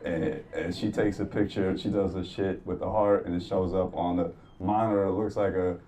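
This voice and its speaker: A man performing a stand-up comedy set, telling stories in a profane, animated way and acting out the people in them. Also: low voice, moderate pace. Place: comedy club stage before a laughing crowd. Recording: distant mic, audible room noise.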